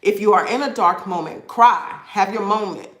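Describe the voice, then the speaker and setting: A woman's voice: medium pitch, moderate pace. Encouraging woman in an echoey room. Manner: warm, encouraging, addresses viewers as "y'all". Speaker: credit repair coach hosting a live session. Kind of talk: live-stream motivational talk. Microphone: video call.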